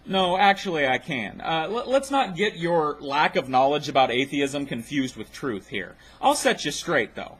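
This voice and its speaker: A man's voice: on the high side, big pitch swings, normal speed, few pauses, a bit bright, slightly rough. A man hosting his own video, rebutting a clip with a blunt, mocking, profane rant. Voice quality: blunt, mocking, swears freely.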